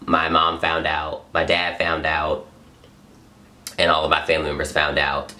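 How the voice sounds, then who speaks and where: A young man talks straight to his camera in an earnest, emotional vlog, gushing and repeating himself. His voice sits low yet sounds bright and forceful. He comes across as an open, heartfelt vlogger. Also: completely flat delivery, normal speed. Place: home in Los Angeles.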